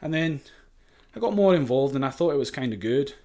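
A man's voice: medium pitch, expressive, a little fast, dark tone. A young man from Sheffield with a Sheffield accent, telling a story with lots of swearing and laughter on a podcast. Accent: Sheffield English. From England. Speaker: podcast guest. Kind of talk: casual storytelling chat.

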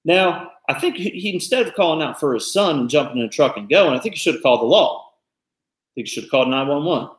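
A man's voice: on the high side, expressive. Man talking in an echoey room. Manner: thoughtful, halting, restarts often. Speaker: podcast co-host. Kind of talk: casual discussion.

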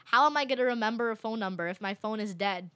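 Bright-voiced young woman telling a travel story. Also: fairly high pitch, fast, clear, resonant tone, no echo. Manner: animated, many fillers and laughs. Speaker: vlogger. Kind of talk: casual storytelling to camera.

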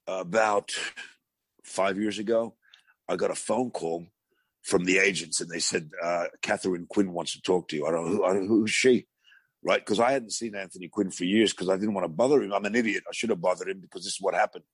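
A man with a gravelly voice, a talk show guest telling rambling anecdotes with many restarts. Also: deep voice, no room sound. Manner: rambling storyteller with frequent restarts.

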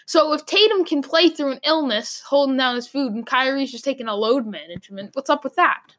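Young Boston woman, sports talk host, high bright voice, rambling and emphatic. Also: a little fast. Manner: rambling, emphatic, lots of "like" fillers. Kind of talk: opinionated sports commentary monologue.

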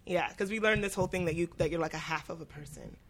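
A woman's voice: lowish voice, fast talker, creaky, over a noisy crowd. A woman in her twenties co-hosting a podcast, speaking bluntly and with strong opinions. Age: 20s. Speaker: podcast co-host. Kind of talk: casual chat.

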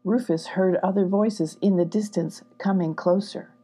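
Woman reading a kids story, soft and even, mellow husky voice. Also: medium pitch, unhurried. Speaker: storybook reader. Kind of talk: children's storybook narration.

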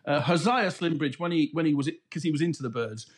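Dry-witted podcast co-host. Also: male voice, a little high, quick pace. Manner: dry, deadpan mock-informative jokes. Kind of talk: casual banter.

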